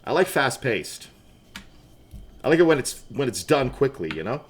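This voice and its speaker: Chatty, animated man streaming games. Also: mid-range voice, normal speed, a little hiss or hum. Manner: chatty, laughs often, greets chat by name. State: wired on coffee. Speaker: livestream gamer. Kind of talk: casual livestream chat.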